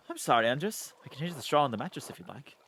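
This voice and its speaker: A man voicing a kindly middle-aged woman who keeps house in a game, speaking in a gentle, caring way. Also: mid-range voice, very animated, quick pace, a little hiss or hum.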